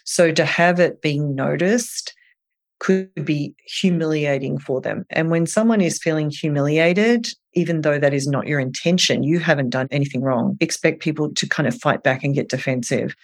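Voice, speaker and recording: A woman speaking as a therapist guest on a podcast, gentle and reassuring, thinking aloud with soft fillers. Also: sits low, moderate pace. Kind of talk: podcast interview.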